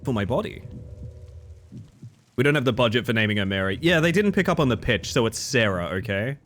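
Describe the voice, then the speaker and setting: An Australian man streams a horror game and chats with viewers in casual live commentary, his mid-range voice brisk with a little hiss or hum. He's playful, rambling, and self-mocking, swinging between goofy and deadpan.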